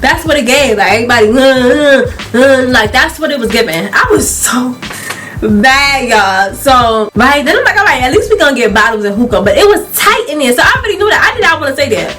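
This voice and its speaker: A young woman with a high, bright voice spins a lively story-time tale for her channel, laughing through it and playing out the people she quotes. Soft music plays faintly beneath her talk. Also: fairly quick. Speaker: YouTuber.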